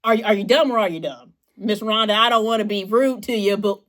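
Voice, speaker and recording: A young woman co-hosting a chatty podcast, telling a work story in a lively, animated way and acting out the people in it. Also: mid-range voice, fairly quick. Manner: animated storyteller, acts out callers in raised voices. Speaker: podcast co-host. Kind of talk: casual storytelling.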